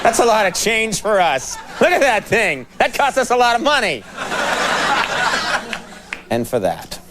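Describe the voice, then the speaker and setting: Fields: lively male late-night host. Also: high voice, a little slow, a loud crowd. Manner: playful, mock-earnest, laughing asides. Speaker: talk show host. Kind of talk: late-night comedy monologue and sketch. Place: TV studio with live audience. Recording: studio with audience noise.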